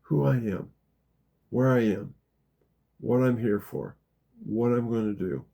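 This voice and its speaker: A man leading a gentle guided meditation talk, calm and unhurried, dropping very soft in the guided parts. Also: mid-range voice, creaky, slightly rough. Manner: slow, gentle, drops to a near whisper in the guided parts. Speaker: spiritual teacher guiding a practice.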